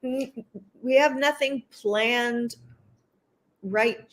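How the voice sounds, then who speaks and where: A woman, an actress, being interviewed and chatting casually, telling animated stories and laughing often. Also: a little high, very slow. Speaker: actress guest.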